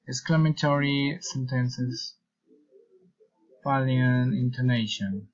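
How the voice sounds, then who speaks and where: A man with a Colombian Spanish accent, reading English intonation practice sentences aloud in a slow, deliberate way. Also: medium pitch, muffled recording. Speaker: English learner.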